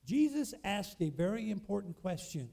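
High-voiced man preaching emphatically. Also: very animated, moderate pace, vocal fry, mellow. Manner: emphatic, call-and-response questions to congregation. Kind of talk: sermon.

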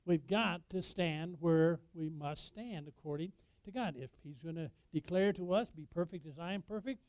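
A high-pitched man preaching a sermon in a dry, close sound with no room echo. He puts questions to the congregation and swells into loud, emphatic peaks before dropping to low, quiet lines. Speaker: pastor.

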